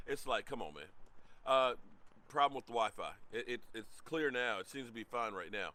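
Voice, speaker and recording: A middle-aged man hosting a casual live sports talk stream, greeting chat viewers by name in an animated way. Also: mid-range voice, brisk. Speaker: livestream sports show host.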